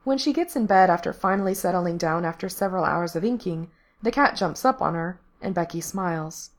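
A woman's voice: fairly low pitch, lively intonation, a little fast. Woman reading a story aloud. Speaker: narrator.

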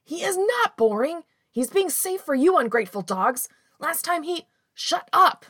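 Woman doing a muffled, shouting angry teen boy. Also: extremely high pitch, very animated, unhurried, no room sound, clean studio sound, voice pushed up, heavily acted. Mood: indignant shouting. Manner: indignant, yelling.

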